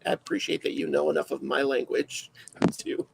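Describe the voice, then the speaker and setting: A man's voice: a little high, steady tone, normal speed, gravelly, background noise. A man hosting a casual livestream chat, rambling and self-deprecating, full of fillers. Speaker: livestream host.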